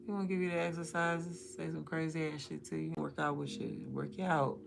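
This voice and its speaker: Low gravelly woman, blunt and profane. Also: flat delivery, brisk, music in the background. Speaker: livestream host. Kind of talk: casual livestream chat.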